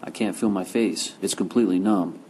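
A man's voice: sits low, a little fast, a little mellow, a little hiss or hum, lightly acted. A man reading the lines of a nervous young male small-time dealer who answers hesitantly. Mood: uneasy. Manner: hesitant, dazed.

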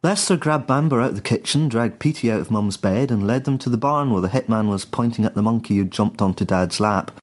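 A man reading a dark comic story in a dry, deadpan way. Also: fairly low pitch, fairly quick, few pauses. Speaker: narrator.

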